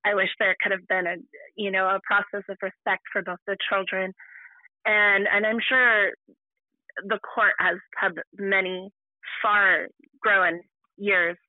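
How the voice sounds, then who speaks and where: A woman guest on a podcast, telling a personal story in a halting way, full of restarts and fillers. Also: mid-range voice, level tone, no room sound. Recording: tinny phone-like line.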